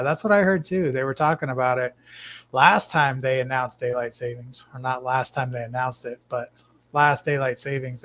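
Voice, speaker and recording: A man hosting a casual live stream from his fish room, greeting chat viewers by name in a relaxed way. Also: mid-range voice. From Arizona, US. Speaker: livestream host.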